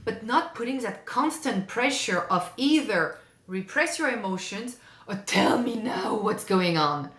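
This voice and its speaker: A woman's voice: on the high side, very animated, measured pace, hardly any pauses, a bit bright. A woman in her forties, a therapist talking as a podcast guest in an earnest way, repeating phrases for emphasis. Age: 40s. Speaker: guest, family constellation therapist. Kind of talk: casual podcast conversation. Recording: roomy echoey room.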